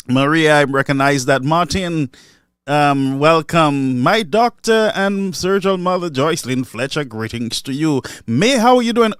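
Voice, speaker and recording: A man's voice: a little high, clean tone, dry recording, clean studio sound. A man hosting a casual livestream, greeting viewers by name in a chatty way and slipping into Kweyol. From St Lucia. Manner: warm, chatty, laughs often, switches into Kweyol. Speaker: livestream host.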